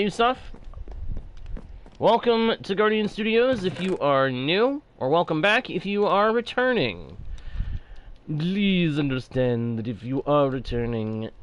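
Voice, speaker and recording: Smooth-voiced man streaming with a drawl. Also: high-pitched, a bit bright. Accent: Texan-sounding drawl. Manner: talks through building steps, reads chat aloud. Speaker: gaming streamer. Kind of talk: live game commentary, chatting with viewers.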